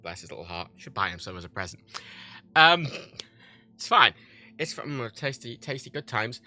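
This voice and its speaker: A man's voice: mid-range voice, normal speed. A man in his thirties chatting casually on a gaming livestream, rambling and swearing freely. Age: 30s. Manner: profane, rambling, animated.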